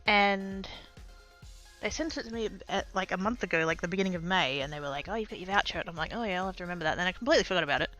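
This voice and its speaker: A woman's voice: on the low side, very fast, a bit bright, faint music behind. A woman with an Australian accent chatting casually on a live stream, rambling, laughing often and swearing casually.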